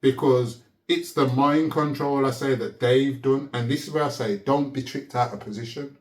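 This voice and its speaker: A man telling a story in a casual, animated way, laughing often and checking in with "yeah?". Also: medium pitch, moderate pace. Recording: roomy echo.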